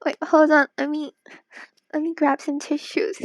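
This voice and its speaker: A woman streamer chatting casually with viewers while drawing, giggly and excitable, talking into wireless earbuds. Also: sits high, a little slow, dry recording.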